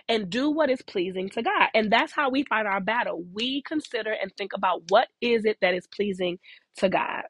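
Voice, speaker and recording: A woman hosting a devotional, preaching in a relaxed, folksy way and repeating her key lines for emphasis. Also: mid-range voice, no echo. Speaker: devotional host.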